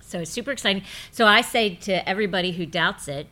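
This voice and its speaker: Middle-aged woman, host, bright voice, upbeat leading questions, speaks straight to listeners. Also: medium pitch, fast. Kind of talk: casual faith talk.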